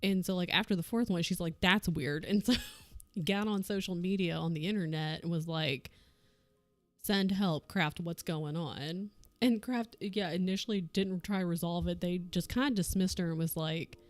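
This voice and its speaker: Giggly, low-voiced woman streamer chatting. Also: fairly even intonation, a little fast, no room sound. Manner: laughs often, rambling anecdote with acted quotes. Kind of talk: casual chat while crafting on stream.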